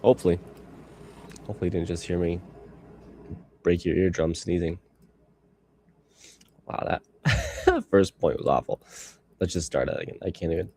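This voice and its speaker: With a low, dark voice, a moderate pace and long pauses, a man in his thirties livestreams his photo editing over slight background noise. He rambles and talks to himself, musing aloud as he works.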